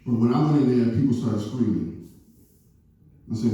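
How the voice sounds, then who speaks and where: A male comedian tells his stories with a deadpan delivery, his voice dark and mellow. He sounds set back from the mic in a very echoey room. The sound is dull and lo-fi. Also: lowish voice, normal speed, pauses often, far from the mic. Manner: deadpan storytelling, acts out dialogue. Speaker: stand-up comedian. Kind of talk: stand-up set. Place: comedy club.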